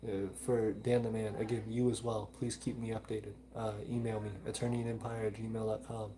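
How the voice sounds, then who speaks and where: A young man with a mild Southern accent from Alabama hosts a live stream and reads comments aloud. His voice is low and mellow, with little rise and fall. He talks in an earnest, pleading way and often repeats himself. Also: flat delivery, moderate pace. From Alabama, United States.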